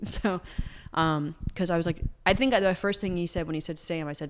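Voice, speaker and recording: A woman's voice: on the low side, quick pace, few pauses. A young woman singer-songwriter talking openly in an interview, earnest and candid, peppering her speech with "like.". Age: young adult. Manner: earnest, open, heavy use of "like".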